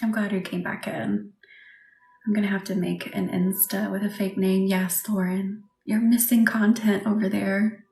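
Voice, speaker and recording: A woman leading a live Reiki session and chatting with viewers, speaking softly and reassuringly, sometimes dropping to a whisper. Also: mid-range voice, flat delivery, moderate pace. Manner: soft, reassuring, often drops to a whisper. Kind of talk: livestream chat with viewers. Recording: echoey room with faint background noise.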